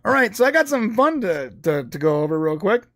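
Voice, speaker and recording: A man's voice: sits high, big pitch swings, fairly quick, a bit bright, dry recording. A young man co-hosting a casual political podcast, sarcastic and mocking, rambling as he talks. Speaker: podcast co-host.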